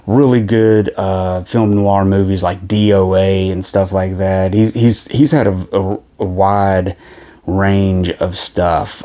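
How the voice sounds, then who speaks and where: Speaking in a warm, low-pitched voice, a man vlogs about films he owns, reviewing them in a rambling, casual way full of filler words and restarts.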